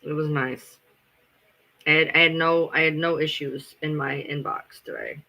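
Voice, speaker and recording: A man's voice: on the high side, steady tone, moderate pace, vocal fry, muffled recording. A man chatting casually on a live stream, rambling, swearing freely and answering his chat as he goes.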